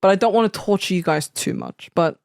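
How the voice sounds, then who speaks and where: A woman's voice: mid-range voice, brisk, creaky, a little mellow, no room sound, clean studio sound. A woman co-hosting a podcast in casual chat, talking in a loose, filler-heavy way. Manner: chatty, full of "like" fillers. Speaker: podcast co-host.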